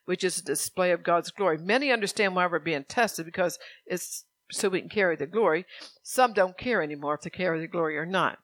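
A woman pastor preaching a sermon. She reads scripture slowly and earnestly and puts direct questions to her congregation. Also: lowish voice, a bit bright, dry recording.

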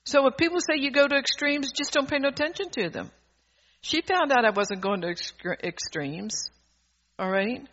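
A high-pitched, bright-toned man preaching with fervor, drifting between quiet asides and loud exhortations. The recording is dull and lo-fi. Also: expressive, normal speed. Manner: fervent, swings from soft asides to loud exhortation; rambling, with restarts and laughter. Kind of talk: sermon.

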